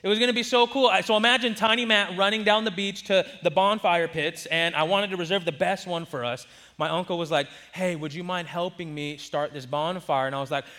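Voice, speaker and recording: A man in his twenties from Southern California, telling a personal story in a sermon with lively delivery and acted-out quotes. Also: high-pitched, a little fast. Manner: animated, acts out quoted voices. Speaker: preacher.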